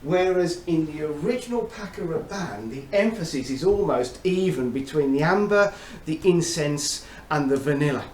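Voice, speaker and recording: A man's voice: a little high, expressive, normal speed. A middle-aged man reviewing fragrances in a chummy, chatty, storytelling way. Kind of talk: casual chat to camera. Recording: roomy echo, faint background noise.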